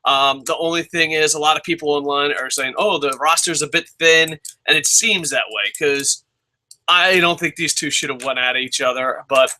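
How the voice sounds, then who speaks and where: A young man giving a casual spoken review of a wrestling show, excitable and swearing freely as he rants. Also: fairly high pitch, moderate pace. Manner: excitable, profane ranting.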